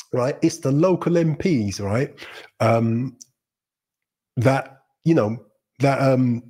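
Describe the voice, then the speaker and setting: Guy on a livestream reading news out and ranting, husky voice, mid pitch, rambles and corrects himself a lot. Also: a little mellow. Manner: blunt, rambling, self-correcting, laughs at the news. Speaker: livestream host. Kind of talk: opinionated news commentary.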